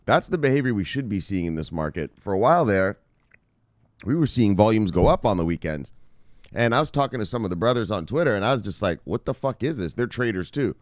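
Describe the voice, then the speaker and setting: Excitable, profane crypto host, low voice. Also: male voice, fast, no room sound, studio quality. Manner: profane, excitable, laughs often. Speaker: crypto news show host. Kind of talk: casual market commentary.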